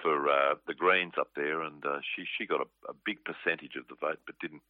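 A plain-spoken man of forty with a deep voice, rambling through a casual interview as a comedian guest. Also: fairly even intonation, fairly quick, no room sound. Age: 40s. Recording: tinny dry phone line.

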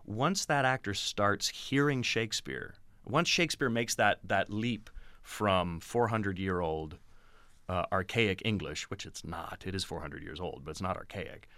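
A man with a deep, bright, forceful voice answers interview questions about directing and teaching actors. His delivery is animated and explanatory. The recording is dry and close. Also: unhurried, dry recording. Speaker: theatre director and acting teacher.

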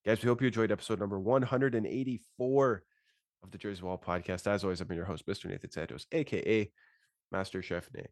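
A man's voice: fairly low pitch, steady tone, fast, darkish tone, no echo, clean studio sound. A man hosting a casual podcast, laid-back and chatty, congested and fighting phlegm. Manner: laid-back, says "bro" a lot. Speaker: podcast host.

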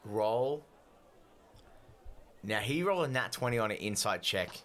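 A man's voice: on the low side, expressive, measured pace, a bit bright. A man narrating a tabletop game as game master, slipping into character voices.

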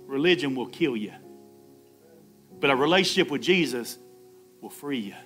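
A pastor delivers an Easter sermon in a mid-range, fairly bright voice, animated but at a moderate pace. He laughs often, calls out "Amen," and acts out the Bible dialogue himself over soft background music.

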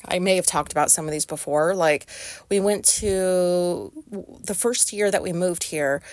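A woman's voice: mid-range voice, no echo. Rambling woman telling a story, dry sound. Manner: rambling, filler-heavy, swears freely. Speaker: podcast host. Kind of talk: casual storytelling monologue.

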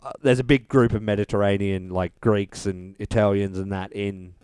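A man talking casually as a podcast co-host, offering wandering opinions with dry wit. His voice is smooth and resonant, miked close in a dead, dry space. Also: lowish voice, fairly even intonation, normal speed, a little mellow, no room sound. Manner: dry, wry humour, rambling opinions. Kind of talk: casual chat.

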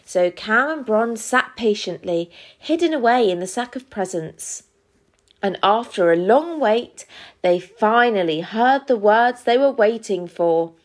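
Unhurried woman reading a children's story. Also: fairly high pitch, animated.

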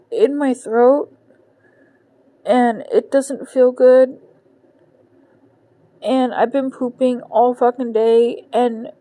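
A woman in her thirties talks from her bed, pouring out her frustration in a raw personal monologue and swearing freely. Her voice sits fairly high and she sounds on the edge of tears throughout. The recording is dry and close, with no room sound. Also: warm tone, no echo. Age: 30s. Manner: emotional, swears constantly, frustrated. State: on the verge of tears. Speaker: podcast host. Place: in bed at home.

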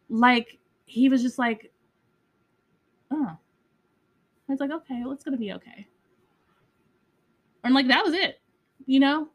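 A woman with a fairly high voice hosts a podcast, telling a personal story candidly and casually. She swears often and leans heavily on "like" and "you know."

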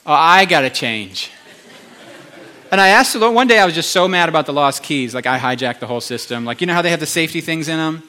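A male pastor giving a conversational sermon, animated, with chatty asides to the congregation. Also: fairly high pitch, very fast, few pauses.

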